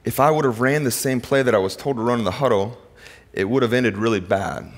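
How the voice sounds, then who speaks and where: A middle-aged male pastor preaching a sermon, swinging between loud emphatic lines and quiet intimate ones. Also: mid-range voice, fairly quick.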